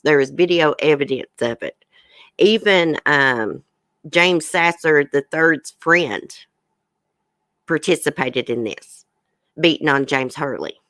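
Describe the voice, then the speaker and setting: Her voice sits low with a slightly bright tone, and there's no room sound at all. On her true crime commentary livestream, this woman host reads the news out loud and follows it with frank, outspoken takes for her chat.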